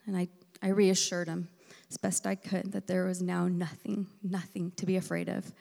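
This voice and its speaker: A woman preacher gives a sermon in a reverberant church sanctuary, her low-leaning voice gravelly and creaky with little pitch variation. At a moderate pace, she tells a personal story, alternating forceful, emphatic statements with hushed, breathy near-whispers.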